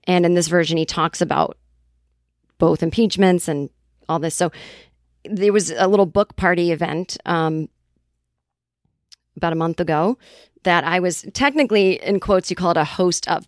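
A woman's voice: fairly low pitch, no echo, clean studio sound. A woman comedian from the Boston area, telling a rambling, profane story in casual chat with lots of quoted voices. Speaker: comedian and writer.

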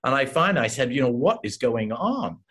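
An older English man, an actor guest, telling animated stories in an interview and acting out the voices of the people in them. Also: medium pitch, brisk, husky. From England. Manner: animated anecdotes, acts out voices of others. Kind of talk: casual interview storytelling.

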